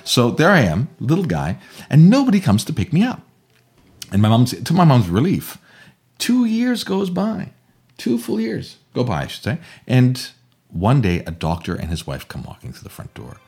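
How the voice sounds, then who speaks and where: An older man from Germany, a storyteller guest telling a childhood tale theatrically, acting out voices and swinging from hushed to loud. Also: mid-range voice, huge pitch swings, moderate pace, slightly rough. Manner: theatrical, acts out voices, swings from whispers to shouts. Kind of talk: animated oral storytelling.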